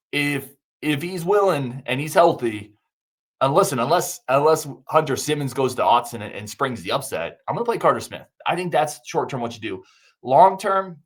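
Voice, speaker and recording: A man hosting a sports podcast, talking in an exasperated, emphatic way and often restarting his sentences. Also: mid-range voice. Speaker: podcast host. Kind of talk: opinionated sports podcast talk.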